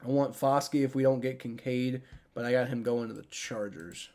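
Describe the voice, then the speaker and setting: A man's voice: medium pitch, steady tone, normal speed, warm tone. A young man casually reacting on a live stream, rambling with many restarts and frequent swearing. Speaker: streamer reacting to a sports draft.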